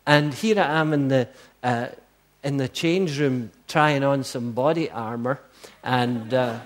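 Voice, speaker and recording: A middle-aged male pastor delivers a sermon with emphatic conviction. He presses his points through a string of repeated rhetorical questions. His voice sits a little high for a man.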